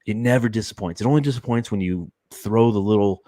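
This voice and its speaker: Low-voiced man joking on a podcast. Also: fast, dark tone, no echo, studio quality. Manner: rambling, joking, swears casually. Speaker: podcast co-host. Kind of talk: casual sports podcast chat.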